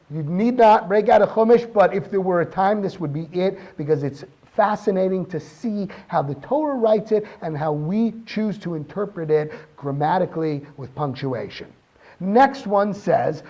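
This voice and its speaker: Lively high-voiced man teaching Torah. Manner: animated, questioning, reads verses in Hebrew. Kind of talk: weekly Torah talk.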